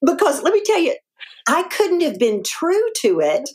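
A woman from the southern United States, a guest author talking in a casual interview, expressive and emphatic. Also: extremely high pitch, normal speed.

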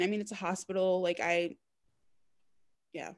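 A woman's voice: lowish voice, little pitch movement, measured pace. A woman guest in a casual podcast chat, talking hesitantly with many fillers.

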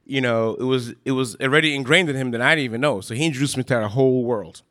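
A man's voice: medium pitch, fast talker, a bit bright. A man telling a story on a live stage, rambling and acting out the lines he quotes. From Brooklyn, New York. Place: live show in a ballroom.

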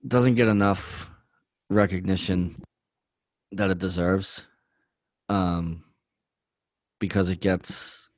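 A man's voice: deep voice, fairly even intonation, slow pace, long pauses, dry recording. A man co-hosting a podcast, talking earnestly in a rambling way with many fillers. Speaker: podcast co-host. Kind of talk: casual chat.

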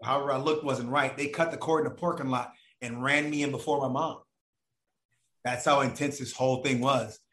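A man's voice: mid-range voice, a little fast, roomy sound. A man telling a long personal story in casual, profane talk, acting out the voices of the people in it. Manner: animated, profane, acts out voices of others.

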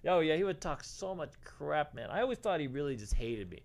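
Chatty storytelling man, fairly high voice. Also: sing-song, a little fast, creaky. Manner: storytelling, swears, says dude a lot. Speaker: podcast co-host. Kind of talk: casual livestream chat.

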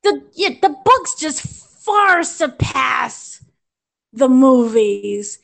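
A woman's voice: sits high, big pitch swings, very slow, vocal fry, a bit bright. A young American woman reviewing a film on a podcast, gushing and rambling with restarts and fillers. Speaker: entertainment editor reviewing a film.

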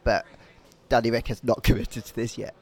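A man's voice: medium pitch, level tone, normal speed, creaky, darkish tone. A man co-hosting a podcast from a bar, easygoing and good-natured in casual banter. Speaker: podcast co-host.

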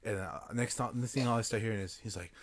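A man's voice: lowish voice, fast, crowd noise. A young man, co-hosting a podcast and telling stories in casual, profane chat. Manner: profane, animated storyteller. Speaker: podcast co-host.

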